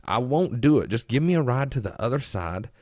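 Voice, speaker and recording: A man's voice: mid-range voice, big pitch swings, a little fast, a little mellow, dry recording, studio quality. A man voicing a scheming scorpion in a fable, talking insistently and wheedling. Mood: pleading. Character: pleading scheming male scorpion. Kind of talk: storytelling in a seminar.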